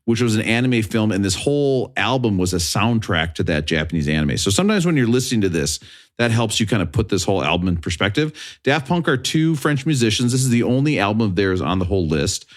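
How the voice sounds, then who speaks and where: A man's voice: fairly low pitch, quick pace. A man hosting a podcast, chatting casually and joking with friends. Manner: animated, laughs while joking. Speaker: podcast host.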